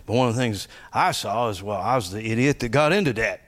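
A man preaching a conversational sermon in a folksy, joking way, laughing often and swinging from quiet asides to loud punchlines. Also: fairly low pitch, lively intonation, quick pace.

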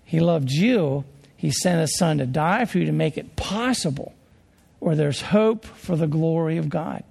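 A man preaching a sermon as a pastor, in an earnest, slow delivery full of rhetorical questions. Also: a little high, gravelly, a little mellow, slightly rough. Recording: long hall reverb.

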